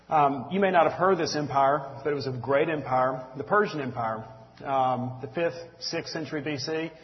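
Man preaching in a reverberant hall. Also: a little high. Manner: conversational preaching with frequent ums and asides. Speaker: pastor. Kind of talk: sermon. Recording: dull sound with long hall reverb.

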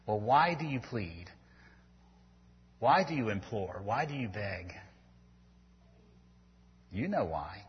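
Slow and very animated, this pastor leaves long pauses as his husky, lowish voice pleads earnestly through the sermon, climbing to emphatic peaks. The lo-fi recording is dull and echoes long in a large hall.

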